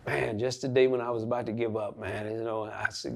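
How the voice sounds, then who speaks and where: A man, a pastor, telling his own story in an interview, earnest and animated, acting out the voices he quotes. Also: mid-range voice, a little fast, vocal fry. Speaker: pastor and guest. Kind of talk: emotional personal storytelling.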